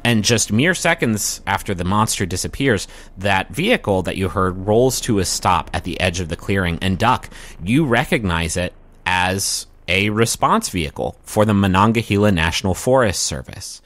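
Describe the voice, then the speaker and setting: A man narrating a tabletop game as game master, telling the scene with frequent ums and quick asides. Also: sits low, animated, fairly bright tone.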